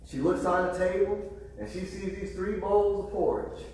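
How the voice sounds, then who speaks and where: Man preaching, high voice, repeats words, echoey church hall, distant mic. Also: level tone, moderate pace, a little mellow, slight background noise. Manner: stammering restarts, call-and-response with the congregation. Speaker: pastor. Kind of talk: sermon. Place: church sanctuary.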